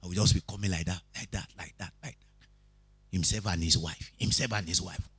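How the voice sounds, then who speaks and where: A man's voice: low-pitched, a little fast, husky, dry recording. A man with a Nigerian accent, teaching a Bible study, who keeps asking his listeners questions and tells stories with energy. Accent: Nigerian, Yoruba-speaking. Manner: preachy, asks the audience questions, animated storytelling. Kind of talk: teaching sermon.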